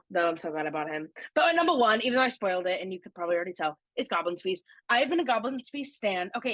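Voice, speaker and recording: A woman co-hosting a podcast, gushing and excitable as she tells stories in casual chat. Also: mid-range voice, dry recording. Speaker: podcast co-host.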